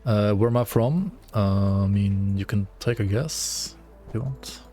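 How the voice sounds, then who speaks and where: A man's voice: on the low side, unhurried, warm tone, faint music behind. A man with a German accent, lightly touched by Swedish, chatting casually while playing a game, full of fillers and "right?". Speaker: gaming streamer. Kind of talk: casual gameplay commentary.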